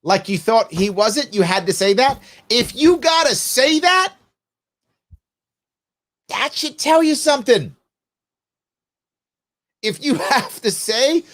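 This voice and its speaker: A man's voice: very high-pitched, sing-song, a little slow, pauses often, a bit bright. A middle-aged man hosting a live opinion show, giving emphatic commentary and talking back to clips he plays. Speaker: show host.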